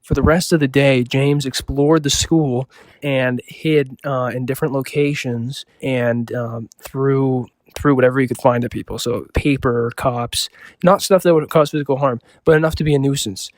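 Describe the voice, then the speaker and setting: A man's voice: medium pitch, steady tone, moderate pace, no room sound. A young man casually improvising a rambling story, full of fillers and offhand asides.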